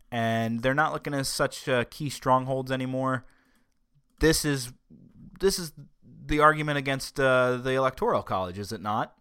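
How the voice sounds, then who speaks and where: A man's voice: medium pitch, fairly bright tone, clean tone, no room sound, studio quality. A man hosting a podcast, giving casual political commentary in a sarcastic tone and often stumbling over his words. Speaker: podcast host.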